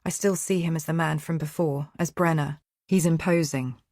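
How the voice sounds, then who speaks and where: A woman's voice: sits low, fairly even intonation, moderate pace, darkish tone, dry recording, studio quality. A woman narrating a first-person audiobook in a tense, anxious way.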